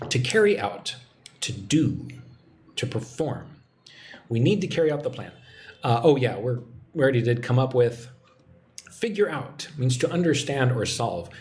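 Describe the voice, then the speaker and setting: Slow, lively man teaching English. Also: mid-range voice, a little hiss or hum. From United States. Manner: relaxed and chatty, reading out viewer comments. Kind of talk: live-streamed English lesson.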